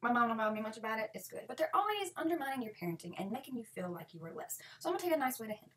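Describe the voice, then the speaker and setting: A woman in her thirties rattles off sarcastic comic advice, her voice fairly high and swooping all over. She sounds a little distant from the mic, with a faint hiss behind her. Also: racing. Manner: sarcastic, lively, switches into mock voices. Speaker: comedy vlogger.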